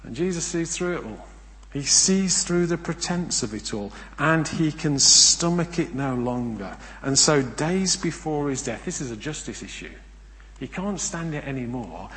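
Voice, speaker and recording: A man preaching a sermon, emphatic, asking rhetorical questions and swinging between loud and hushed delivery. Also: a little high, lively intonation, normal speed. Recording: long reverb of a large hall.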